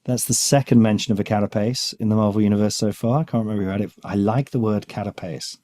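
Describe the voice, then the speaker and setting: A man co-hosts a casual, comedic podcast chat in a lowish, mellow voice. He rambles, trails off and laughs often as he goes. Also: quick pace. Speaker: podcast co-host.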